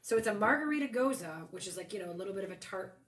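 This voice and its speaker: A woman's voice: medium pitch, expressive, racing. Woman, casual co-host chat, giggly, roomy echo, slightly off-mic. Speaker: podcast co-host. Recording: echoey room, mic at a distance, faint hiss.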